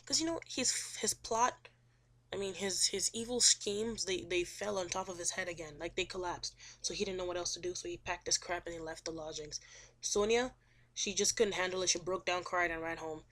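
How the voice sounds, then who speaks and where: A woman's voice: lowish voice, normal speed, a bit bright. Chatty young woman recapping a novel. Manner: chatty, rambling, full of ums, acts out quotes. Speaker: student summarizing a novel. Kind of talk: casual chapter recap.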